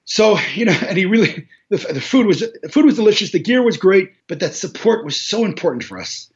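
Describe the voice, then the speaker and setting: Interview guest: high-pitched man, animated storyteller with stumbling restarts, on dull lo-fi audio. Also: fairly quick. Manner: animated, repetitive restarts, laughs while telling. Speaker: interview guest, charity organizer.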